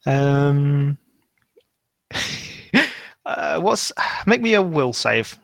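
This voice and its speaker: A man narrating a tabletop game as game master, unhurried and often searching for words. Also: on the high side, sing-song, gravelly, slight background noise.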